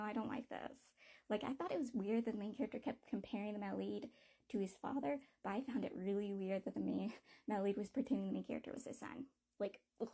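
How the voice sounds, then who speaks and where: A woman's voice: on the high side, vocal fry, warm tone. A woman giving a casual book review, talking bluntly and with plenty of swearing and exasperation.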